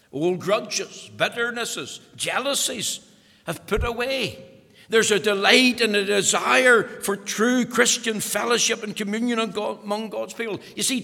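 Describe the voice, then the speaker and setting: A man delivers a sermon in a high, gravelly voice. He preaches earnestly, stressing his points and repeating words. His voice rings through a church hall with a long reverb. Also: bright, forceful tone.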